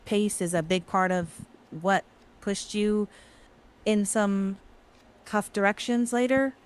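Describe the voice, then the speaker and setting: Slow, smooth-voiced woman interviewer. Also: medium pitch. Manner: calm, brief affirmations, measured questions. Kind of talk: gentle reflective interviewing.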